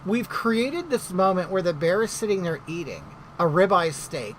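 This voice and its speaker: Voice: mid-range voice, very animated, moderate pace, rough recording. Middle-aged vlogger dishing gossip, voice swoops all over, a bit indignant, faint hiss behind. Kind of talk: casual storytelling chat.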